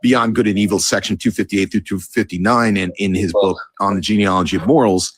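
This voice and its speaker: A man in a casual philosophical debate, talking in an assertive, lecturing way and quick to correct others. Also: on the low side, fairly even intonation, slightly rough. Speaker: debate panelist.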